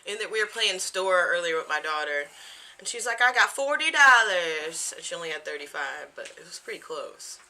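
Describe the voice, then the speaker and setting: A woman's voice: low-pitched, a little fast, bright, forceful tone. A woman in her thirties chatting casually to camera at home, rambling from one thing to the next and laughing often. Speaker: vlogger. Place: home, indoors.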